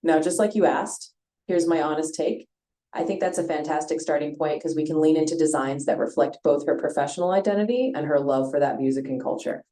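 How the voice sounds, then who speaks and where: A synthetic female voice of an AI chat assistant, speaking in a smooth, even, upbeat way. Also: low voice, brisk. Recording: roomy echo.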